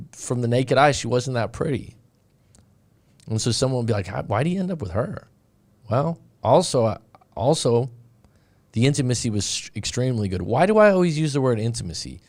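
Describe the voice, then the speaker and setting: A man's voice: medium pitch, darkish tone. A man hosting a casual live stream as a dating coach, speaking, rambling with frequent restarts and asides as he reads viewer comments.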